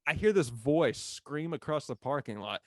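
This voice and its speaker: A man, a former mascot telling a story on a podcast in a lively, laughing way and acting out what people said. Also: fairly high pitch, moderate pace. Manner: animated, acts out quotes, laughs often.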